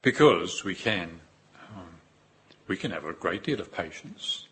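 Bright-voiced man giving a dharma talk. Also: deep voice, animated, husky. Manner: unhurried, reflective, with long pauses and repetitions. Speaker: Buddhist teacher.

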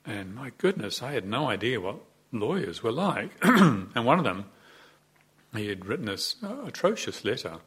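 A man's voice: medium pitch, very animated, moderate pace, a bit bright, husky. A man in his sixties, a Buddhist abbot, giving a conversational dharma talk in a reflective, self-deprecating way, with frequent hesitations. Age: 60s.

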